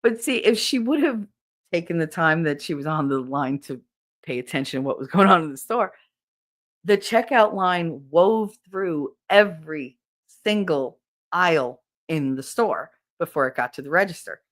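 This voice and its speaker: A middle-aged woman hosting a casual livestream, spinning stories with constant laughter and plenty of swearing. Her voice sits a little low for a woman, and her telling is loose and animated. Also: moderate pace. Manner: animated, laughing storyteller who swears freely. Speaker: podcast host. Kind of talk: casual livestream chat with viewers.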